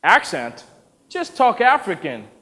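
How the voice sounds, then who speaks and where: Male reader as impatient Hollywood producer, barking commands, higher pitch, reverberant. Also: huge pitch swings, slow pace, heavily acted. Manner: brusque, loud, commanding. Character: pushy, impatient big-shot Hollywood producer man.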